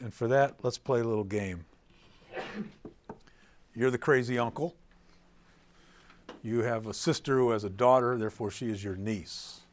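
A middle-aged man teaching preachers in a playful live talk, quizzing the audience and swinging between loud and soft delivery. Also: medium pitch, moderate pace, pauses often.

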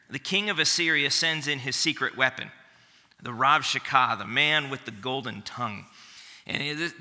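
A man's voice: on the high side, sharp tone, in a large hall. A man preaching a sermon in a conversational way, often repeating a word as he restarts a phrase. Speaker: pastor.

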